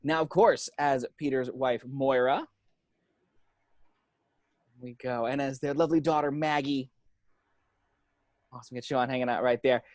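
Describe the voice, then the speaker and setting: A man's voice: medium pitch, steady tone, normal speed, long pauses, a little mellow, no echo, studio quality. A man casually hosting a table read over a video call, chatty and laughing as he introduces the cast. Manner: chatty, laughing, apologetic asides.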